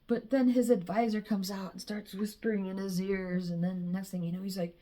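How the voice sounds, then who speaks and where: A woman's voice: mid-range voice, moderate pace, hardly any pauses, mellow. A woman talking casually about her drawings in a loose, rambling way, swearing freely and dropping in "you know" often. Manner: loose and profane, with frequent "you know" and laughs. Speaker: vlogger showing her drawings.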